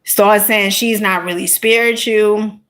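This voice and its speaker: A woman content creator telling a personal story in a casual, animated monologue, punctuating it with emphatic asides. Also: mid-range voice, measured pace. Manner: animated, emphatic, peppered with "honey" and "okay?".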